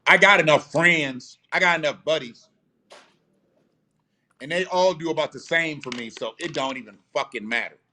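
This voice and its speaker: A man's voice: fairly high pitch, moderate pace, sharp tone. Blunt, profane man ranting on a live stream. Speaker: host of a live show.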